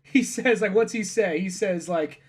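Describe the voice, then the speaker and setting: A man's voice: sits high, a little slow. A young man co-hosting a podcast, casually retelling comic scenes and quoting the dialogue. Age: young adult. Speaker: podcast co-host. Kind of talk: casual chat.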